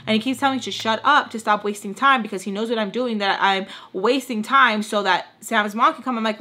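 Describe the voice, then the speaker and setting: Bright-voiced young woman venting a story. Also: fairly high pitch, fairly quick, few pauses. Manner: animated, exasperated, heavy use of "like". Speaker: vlogger. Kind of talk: casual storytime chat.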